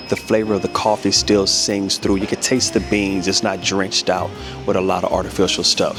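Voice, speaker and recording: Chatty low-voiced American man. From United States. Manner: chatty, repeats words as he thinks aloud. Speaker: family travel vlogger. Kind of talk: casual vlog chat.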